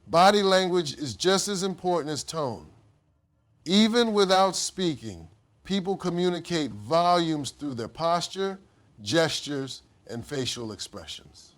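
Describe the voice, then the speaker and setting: A man delivering a scripted motivational speech in a measured way, each sentence dropping low and soft at the end. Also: lively intonation. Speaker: motivational speaker.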